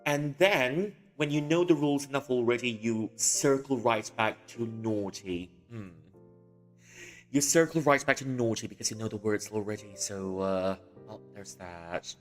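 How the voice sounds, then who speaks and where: A man in casual livestream chat, explaining slang with frequent laughs and half-finished sentences. His mid-pitched voice carries a long reverb tail, with faint music playing underneath. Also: a little slow. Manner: chatty, laughs often, trails off mid-sentence. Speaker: livestreamer reading and translating a novel.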